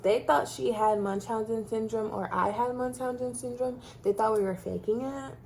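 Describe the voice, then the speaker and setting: A woman with a mellow, darker voice telling a personal story to camera. She talks casually, with frequent "like" and "um" fillers. She grew up in Texas. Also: a little high, fairly even intonation, moderate pace, gravelly, a little hiss or hum. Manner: chatty, many fillers like "like" and "um". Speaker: vlogger sharing her story.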